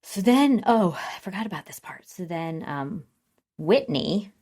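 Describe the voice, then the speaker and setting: Speaking a little slowly in a mellow, sing-song, medium-pitched voice, a woman co-hosts a podcast. As she chats about a TV episode, she retells scenes and raises her voice to play the characters' lines.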